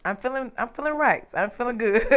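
A woman guest in a casual comedic chat, talking bluntly and chiming in with quick laughing remarks. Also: fairly high pitch. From West Side of a US city.

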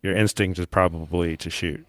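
A man's voice: deep voice, fairly even intonation, normal speed, dry recording. A man co-hosting a podcast in casual chat, rambling with many fillers and restarts and laughing often. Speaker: podcast co-host.

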